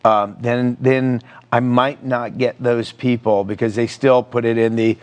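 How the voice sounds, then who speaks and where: Animated middle-aged man telling stories. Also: mid-range voice, measured pace. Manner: animated storyteller, acts out quotes. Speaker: filmmaker guest. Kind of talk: conversational TV interview. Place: TV studio.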